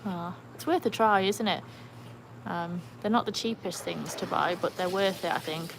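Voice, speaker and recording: A woman's voice: fairly low pitch, normal speed, vocal fry, background noise. A British woman hosting a casual live stream by a pool, chatting to viewers and her dogs. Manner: chatty, reads out comments, coaxes dogs. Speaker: livestream host with dogs. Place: outdoors by a pool. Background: splashing and dogs barking.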